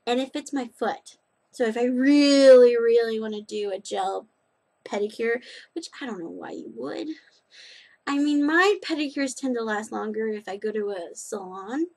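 A woman's voice: a little high, normal speed, darkish tone. A young woman vlogging in a rambling, chatty way, full of restarts and asides. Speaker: knitting and nails vlogger. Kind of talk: casual chat.

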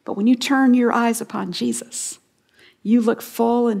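A middle-aged woman from the United States teaching a sermon to a live audience, emphatic, repeating key phrases slowly and dropping to a hush. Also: a little high, fairly even intonation, vocal fry. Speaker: Bible teacher.

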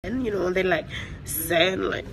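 A recording artist on tour vents angrily into her phone in an airport terminal, a profane selfie rant packed with filler words and hard swearing. Her voice sits on the low side at a measured pace, and the noisy phone recording picks up crowd noise and vehicle sounds.

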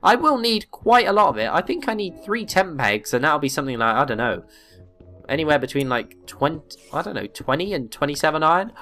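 A man giving gameplay commentary, excitable, swearing and exclaiming often. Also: a little high, fairly quick, soft background music. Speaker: let's play gamer.

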